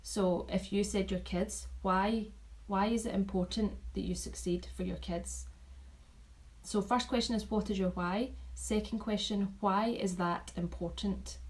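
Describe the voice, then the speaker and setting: A woman talking casually to her team, chatty and animated, repeating herself and restarting sentences as she shares notes from an event. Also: medium pitch, unhurried, rough recording. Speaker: vlogger sharing event takeaways.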